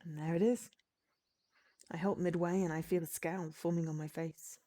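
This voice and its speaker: A woman's voice: fairly low pitch, fairly even intonation, moderate pace, mellow, close to an everyday voice. A woman voicing a proud young male warrior hero in a visual novel, grand and self-assured. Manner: grand, confident, slightly pompous. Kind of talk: visual novel read-aloud.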